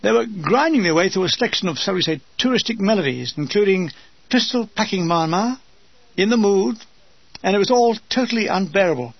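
A man's voice: high voice, lively intonation, fairly quick, gravelly, breathy edge, no echo, dull audio. An older man reading his humorous wartime memoir aloud with a dry comic delivery, briefly mimicking his comrades.

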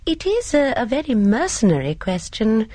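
A woman voicing a gentle, apologetic elderly spinster sleuth in an audiobook, hesitant and flustered, with a breathy tone. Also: fairly high pitch, sing-song, normal speed, no room sound, voice pushed up. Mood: fretful. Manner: hesitant, flustered, soft-spoken. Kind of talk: audiobook character voice.

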